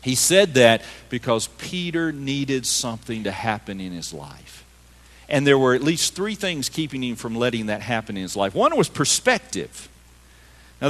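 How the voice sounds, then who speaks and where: Dynamic preacher in a reverberant sanctuary. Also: male voice, mid-range voice. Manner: emphatic, swinging between loud and hushed. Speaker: pastor. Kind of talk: sermon. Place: church sanctuary.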